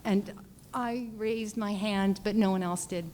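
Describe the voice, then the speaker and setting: A woman painter on a panel, telling a story in a halting, earnest way with many restarts and repeated words. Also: mid-range voice, fairly even intonation, darkish tone, slight background noise. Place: lecture hall at a panel event. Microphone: handheld or podium mic, often off it.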